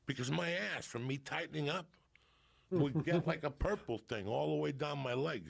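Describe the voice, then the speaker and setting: Gravelly man telling profane stories. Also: on the high side, normal speed. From Cuban family in New Jersey. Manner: swears constantly, acts out family members mid-story. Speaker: podcast guest. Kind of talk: profane comic storytelling.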